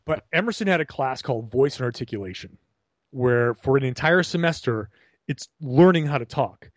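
A man's voice: mid-range voice, lively intonation, moderate pace, no echo. A young man from Rhode Island with a trained, neutral broadcast voice, chatting animatedly in a podcast interview, often restarting his sentences. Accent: neutral General American, trained. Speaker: guest, broadcaster and blogger.

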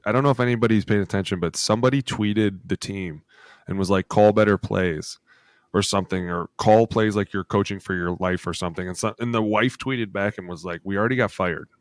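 A man in his thirties co-hosting a sports podcast, telling animated locker-room stories full of acted quotes and cursing. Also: lowish voice, brisk, no echo, clean studio sound. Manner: animated storytelling with acted quotes, swears freely. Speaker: podcast co-host, former NFL lineman. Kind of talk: casual chat.

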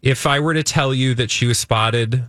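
A podcast co-host with a mid-range, fairly bright voice trades casual comedic banter at a normal speed, sounding playful and mock-outraged. The studio recording is clean, with no room sound.

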